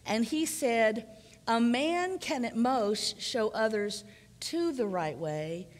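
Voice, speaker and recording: A woman preaching a sermon in an earnest, emphatic, measured teaching manner. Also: mid-range voice. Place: church sanctuary. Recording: church sanctuary with long reverb.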